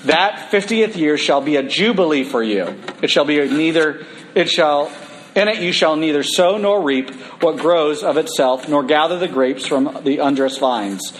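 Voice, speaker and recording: A man preaching a sermon in a church, reading scripture and breaking into casual, animated asides. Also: on the high side, moderate pace, slight background noise, poor audio.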